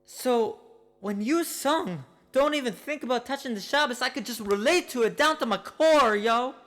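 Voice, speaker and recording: A man's voice: mid-range voice, lively intonation, normal speed, gravelly, in a large hall, faint music behind. A man voicing an emotional young male buddy who talks in slang, earnest and full of "bro" and "yo.". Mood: choked-up earnest.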